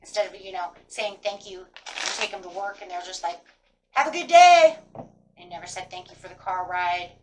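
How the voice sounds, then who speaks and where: A woman's voice: lowish voice, completely flat delivery, a little fast, far from the mic, a little hiss or hum, low-quality recording. A woman giving a casual tarot reading, rambling and full of fillers like "kind of" and "like". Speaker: tarot reader.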